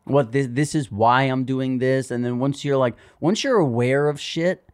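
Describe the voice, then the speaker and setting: A man's voice: mid-range voice, moderate pace, darkish tone, clear, resonant tone, no room sound, clean studio sound. A man chatting as a podcast guest, rambling with lots of "like" and acting out little quotes. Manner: rambling, frequent "like", acts out quotes. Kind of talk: casual chat.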